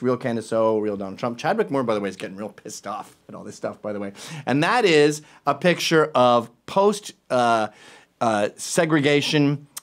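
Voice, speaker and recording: Male host, casual sarcastic commentary, lively pitch swings. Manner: animated, sarcastic asides. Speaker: show host.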